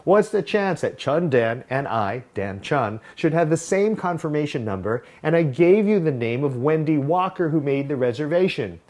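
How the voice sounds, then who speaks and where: A man preaching a sermon as a pastor, telling a personal anecdote in a wry, animated way. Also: a little high, moderate pace, few pauses. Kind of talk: sermon storytelling.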